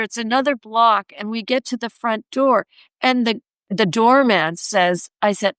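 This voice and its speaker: A woman sculptor, a podcast guest, telling an anecdote and acting out the quoted voices in a higher pitch. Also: normal speed, no echo. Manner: animated, acts out quoted voices in a raised pitch. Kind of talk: anecdotal storytelling in conversation.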